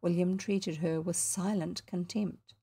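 A woman's voice: lowish voice, steady tone, measured pace, dark tone, breathy edge. Woman reading a storybook aloud, New Zealand accent. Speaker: audiobook narrator. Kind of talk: storybook narration.

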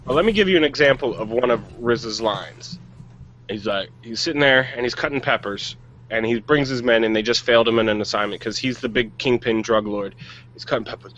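A man's voice: medium pitch, a little fast, a bit bright, highs cut off, a little hiss or hum. A man co-hosting a podcast, chatting casually and giving blunt, jokey opinions on movies. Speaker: podcast co-host. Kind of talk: casual chat.

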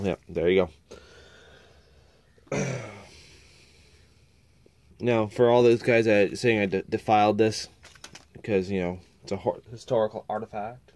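A man with a lowish voice and a slight nasal stuffiness from a cold talks casually through a chainsaw repair. He rambles, mutters to himself mid-task and speaks as if friends were watching over his shoulder at the bench. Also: a little mellow. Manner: chatty, rambling, muttering while working. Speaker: small engine repair vlogger. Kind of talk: casual workshop narration.

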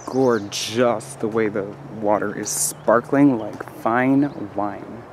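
A man's voice: on the low side, steady tone, slow, slight background noise. A man in his twenties, vlogging outdoors in a goofy, self-mocking, rambling way. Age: 20s. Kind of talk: joking outdoor vlog. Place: outdoors on a nature trail.

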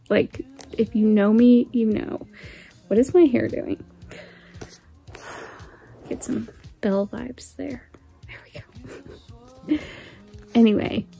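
Chatty woman with a mellow, higher voice. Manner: chatty, candid, laughs often. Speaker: book vlogger. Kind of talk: casual chat to camera.

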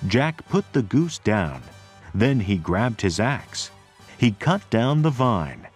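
Man, storybook narrator, low voice, lively intonation. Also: faint music behind. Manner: clear, deliberate, expressive reading. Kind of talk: slow read-aloud storybook narration.

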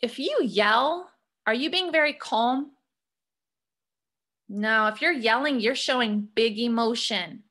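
A woman teacher walking young students through a punctuation lesson, reading sentences aloud slowly and asking prompting questions. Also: on the high side, a bit bright.

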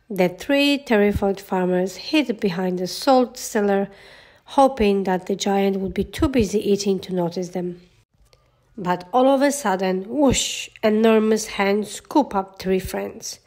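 A woman reading a children's fairy tale aloud in a gentle storytelling manner. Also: medium pitch, a little slow. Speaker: storybook narrator.

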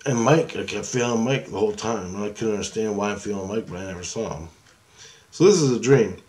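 A man's voice: fairly low pitch, lively intonation, fairly quick, darkish tone. A man casually telling about a dream in a rambling way, swearing and restarting his sentences often. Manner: rambling, profane, with many restarts.

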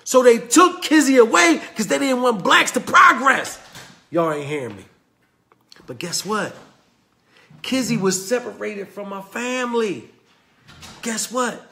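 A Southern US man gives a motivational talk in a high, bright voice. His tone is sharp and tense, and his phrases crackle with gravel. He preaches through a story and swings between booming and hushed. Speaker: motivational speaker.

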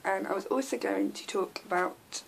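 A woman's voice: medium pitch, normal speed, vocal fry. A young English woman in her twenties, chatting casually to camera with frequent ums and little laughs. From England. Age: 20s. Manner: chatty, giggly, lots of ums. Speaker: vlogger.

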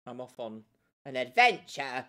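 A woman's voice: very deep voice, very animated, a little slow, a bit bright. A young woman chatting casually on a live stream, giggling and thanking her viewers as she plays.

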